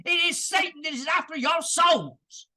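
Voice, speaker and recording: A man putting on a ranting fire-and-brimstone preacher with a Southern US accent, slow and thundering. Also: extremely high pitch, sharp tone, pitched above the performer's own voice, full character voice.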